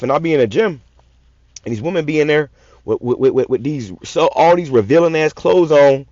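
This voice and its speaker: A man's voice: a little high, lively intonation, fairly quick, darkish tone, no echo. A man preaching scripture in a raw, profane style, repeating words in stammering runs and swearing often. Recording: dull lo-fi sound.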